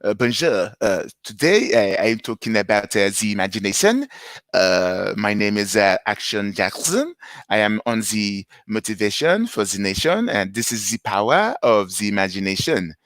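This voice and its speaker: A man putting on a halting French-accented voice. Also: lowish voice, very animated, warm tone, no room sound. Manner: hesitant, full of "uh". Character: halting Frenchman introducing himself.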